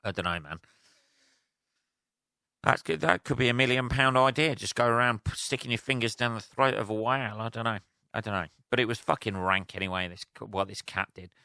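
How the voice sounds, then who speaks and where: Male podcast host, bright crisp voice, dry close mic, sweary rambling monologue. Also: mid-range voice, a little fast, dry recording. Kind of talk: casual solo podcast rant.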